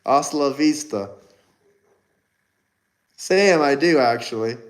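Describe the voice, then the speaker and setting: A man's voice: medium pitch, lively intonation, takes it slowly, poor audio. A man hosting a casual livestream, firing mocking, combative replies at his chat. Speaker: livestream host.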